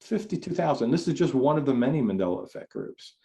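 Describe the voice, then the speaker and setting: A man's voice: medium pitch, very animated, fast talker, dark tone. A man giving a conversational talk over a video call, rambling and restarting his sentences often. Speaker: speaker. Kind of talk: online forum talk.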